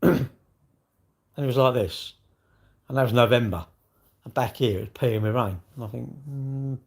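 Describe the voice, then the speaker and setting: Husky-voiced man chatting on a live stream. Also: mid-range voice, a little slow, a little mellow. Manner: rambling, chatty, greets viewers mid-thought. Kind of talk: casual live-stream chat.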